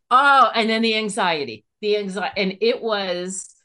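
A middle-aged woman from Pennsylvania, a guest on a podcast, telling her stories in casual chat with her voice leaping up when excited. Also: mid-range voice, measured pace, hardly any pauses.

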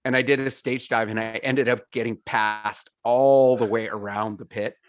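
A man's voice: medium pitch, fairly even intonation, moderate pace, no echo, clean studio sound. A man telling stories in a casual interview, rambling with lots of fillers, laughing and swearing. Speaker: podcast guest, singer.

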